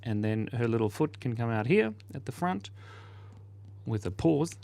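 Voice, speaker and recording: A man's voice: mid-range voice, lively intonation, normal speed, gravelly, dark tone, no echo. A man hosting a casual live stream, chatting playfully and laughing while he draws and reads out viewer comments. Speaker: livestream host.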